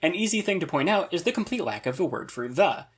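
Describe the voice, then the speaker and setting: A man's voice: on the high side, lively intonation, fast, breathy edge. A man narrating a scripted review of a constructed language, analytical with dry, wry asides. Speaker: conlang reviewer.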